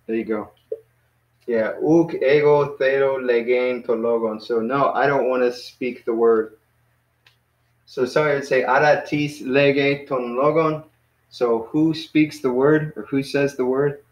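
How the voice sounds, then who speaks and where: A man's voice: mid-range voice, steady tone, darkish tone. Patient male teacher on an echoey call. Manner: patient, coaching, spells words out slowly. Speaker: Greek teacher. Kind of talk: online class teaching. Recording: echoey, muffled video call audio.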